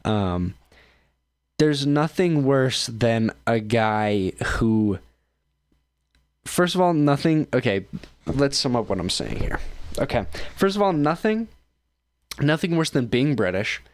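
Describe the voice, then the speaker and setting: Male host, mid-pitched, sweary rambling rants, dry close mic. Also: sing-song, slow pace, long pauses, no echo. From United States. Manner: ranting, profane, rambling with fillers. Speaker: streamer and show host. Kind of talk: profane reaction commentary.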